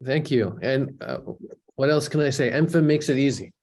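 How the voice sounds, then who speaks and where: A man's voice: medium pitch, normal speed, a little mellow. A man joins over a video call. He keeps his remarks short and cheerful. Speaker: contest winner.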